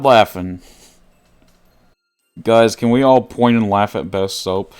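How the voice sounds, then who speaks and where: Joking male streamer with a lowish voice. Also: takes it slowly, long pauses, a little mellow, smooth. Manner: jokey, laughs often, talks to chat. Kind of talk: live gameplay commentary chatting with viewers.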